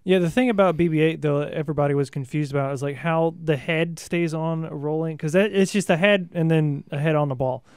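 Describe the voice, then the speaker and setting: A man co-hosting a casual radio show, reacting with mock surprise and quick quips. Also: a little high, a little mellow, clear, resonant tone, no echo, clean studio sound. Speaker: podcast co-host.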